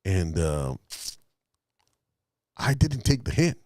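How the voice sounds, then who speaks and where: Speaking slowly in a voice that sits low, a podcast co-host tells an animated, profane story and acts out what others said. The audio is clean studio sound without any room noise.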